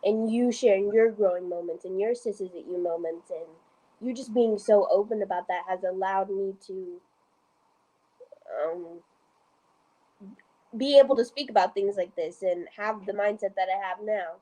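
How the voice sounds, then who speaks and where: Young woman with a mellow, relaxed voice. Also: mid-range voice, normal speed, rough recording. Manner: chatty, many fillers and restarts. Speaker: guest, host's daughter. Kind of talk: casual chat.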